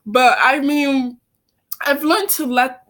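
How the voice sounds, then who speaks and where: Earnest young woman, slightly high voice. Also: slow pace, fairly bright tone. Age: young adult. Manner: earnest, heartfelt, stumbles and repeats words. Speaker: vlogger. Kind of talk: personal storytelling to camera. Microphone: phone camera.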